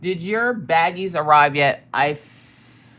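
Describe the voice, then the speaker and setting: A woman's voice: low voice, slow pace, a bit bright, slight background noise. A woman hosting a casual livestream, greeting viewers by name and chatting loosely. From United States. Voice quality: ticklish cough in throat. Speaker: livestream host. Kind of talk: casual live-stream chat.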